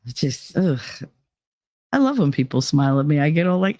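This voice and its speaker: A woman from New Jersey with a New Jersey accent, chatting casually on a live stream, reading out her chat and answering it in a blunt, animated way with plenty of swearing. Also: lowish voice, normal speed, pauses often, dry recording.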